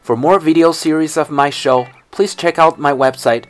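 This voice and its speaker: A man hosting a short bilingual language lesson, explaining a phrase clearly and deliberately. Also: fairly high pitch, faint music behind. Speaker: English teacher and host.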